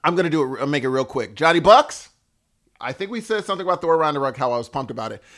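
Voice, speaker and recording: A man's voice: mid-range voice, animated, very fast, a bit bright. A man co-hosting a podcast, talking casually, correcting himself and thanking listeners with a self-mocking tone. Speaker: podcast co-host.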